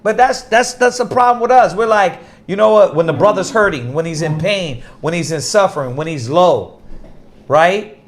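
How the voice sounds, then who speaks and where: A man's voice: sits high, normal speed. A man teaching scripture to a class, emphatic and repetitive, firing off rhetorical questions. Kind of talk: preaching in a class.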